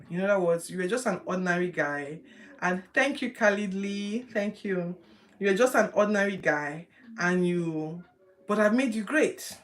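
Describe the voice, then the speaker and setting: A woman hosting a Bible reading, chatting lively with her viewers as she teaches. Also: fairly low pitch, moderate pace. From Nigeria. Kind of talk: casual livestream Bible teaching.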